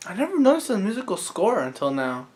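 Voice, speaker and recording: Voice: medium pitch, huge pitch swings, fast talker, darkish tone. A reaction video host giving casual, joking commentary while watching an anime episode, thinking aloud with fillers and asides.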